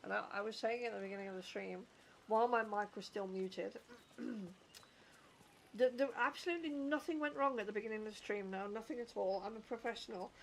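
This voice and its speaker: A woman's voice: medium pitch, brisk, gravelly, a little hiss or hum. A woman with a British accent, chatting casually and bluntly with her livestream chat while she plays, swearing and poking fun at herself. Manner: blunt, sweary, self-mocking.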